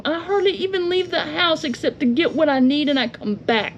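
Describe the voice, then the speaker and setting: An angry woman, a homestead vlogger, vents at home while the yard is mowed, indignant and confrontational, asking rhetorical questions. Her high voice is expressive and brisk. The recording is dull and lo-fi, with faint noise.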